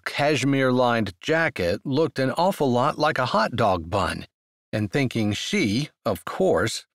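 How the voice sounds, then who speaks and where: A man narrating a romance novel in an expressive, unhurried storytelling manner, close on the mic. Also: medium pitch, no room sound. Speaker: audiobook narrator. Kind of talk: scripted narration.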